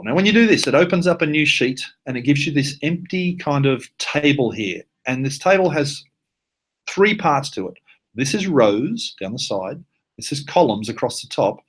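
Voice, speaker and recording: A man with an Australian accent presenting a live online software workshop, talking casually with plenty of fillers and asides. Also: mid-range voice, husky. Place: at his computer, live webinar.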